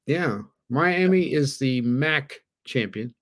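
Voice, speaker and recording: A man's voice: medium pitch, animated, slow pace. Laid back guy talking through football picks, kinda rambly with lots of uhs. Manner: easygoing, thinks aloud with fillers, laughs at himself. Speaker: sports betting podcast co-host. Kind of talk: casual sports betting chat.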